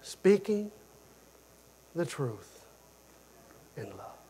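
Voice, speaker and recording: A man preaching a sermon, telling stories in an animated way and often repeating himself, moving between loud, emphatic phrases and quiet ones. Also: fairly high pitch, very slow, vocal fry, slightly rough.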